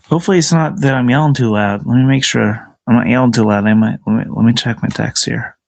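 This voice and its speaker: A man's voice: mid-range voice, fast talker, gravelly, darkish tone. A man livestreaming outdoors in the cold, ranting angrily and profanely at his chat and at himself.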